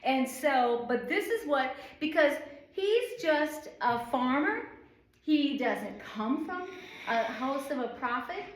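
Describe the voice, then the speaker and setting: A woman's voice: high voice, lively intonation, slow pace. A middle-aged woman from the northern United States teaching an informal Bible study, rambling and chatty with many fillers. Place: church room. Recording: echoey room.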